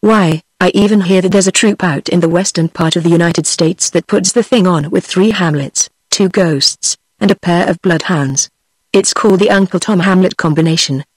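A British-accented text-to-speech woman's voice reading the lines of an aggrieved, boastful royal male ghost, in the same flat synthetic style as the narration. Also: lowish voice, husky, dry recording, low-quality recording. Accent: British English.

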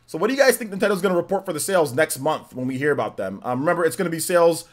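Rambling high-voiced male streamer. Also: lively intonation, rapid-fire. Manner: rambling, repeats himself, laughs often, trails off quietly. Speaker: livestream host. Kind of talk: casual live stream chat.

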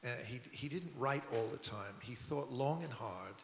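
A guest record producer and musician, an older man, rambles through anecdotes at a museum auditorium talk open to the public, speaking conversationally and often restarting. His voice is medium-pitched and animated, at a moderate pace. The recording has an echoey hall sound and slight background noise.

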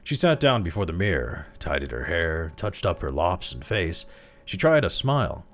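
Male story reader, extremely low voice, animated, dramatic narration. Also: soft background music. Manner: expressive, slows down for tense moments.

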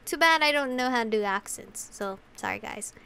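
A woman's voice: on the high side, lively intonation, normal speed, gravelly, pushed and bright, a little hiss or hum. Woman reading a visual novel aloud. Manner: emotional reading with giggly asides. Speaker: video game player reading aloud. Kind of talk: visual novel let's play with commentary.

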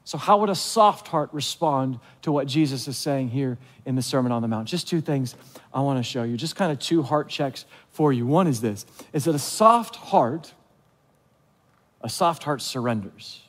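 A man's voice: mid-range voice, lively intonation, normal speed, long reverb tail. A male pastor preaching a conversational sermon, asking his listeners questions and acting out what they might say. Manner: conversational, asks the audience questions; acts out quoted voices of listeners. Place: church.

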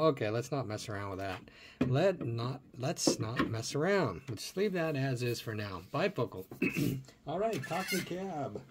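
A man's voice: medium pitch, darkish tone, slight background noise. A middle-aged man casually showing toy cars from his collection, thinking aloud and asking viewers what they would do. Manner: chatty and musing aloud, asking viewers questions. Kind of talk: casual hands-on show-and-tell.

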